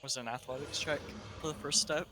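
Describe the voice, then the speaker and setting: A man's voice: fairly high pitch, steady tone, quick pace. A man playing a tabletop game, asking questions and laughing often in casual chat. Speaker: player.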